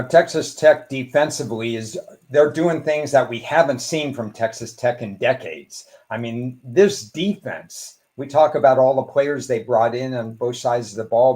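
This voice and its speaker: A man talking as a guest on a sports betting show, giving measured, analytical football picks and thinking aloud with small restarts. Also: mid-range voice, a little mellow. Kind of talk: casual sports betting talk.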